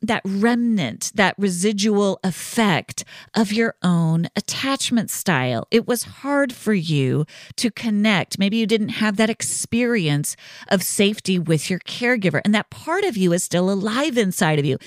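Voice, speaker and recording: A woman's voice: mid-range voice, animated, unhurried, no echo, studio quality. A woman hosting a solo podcast, explaining in a conversational, reassuring way with frequent "right?" asides. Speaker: podcast host.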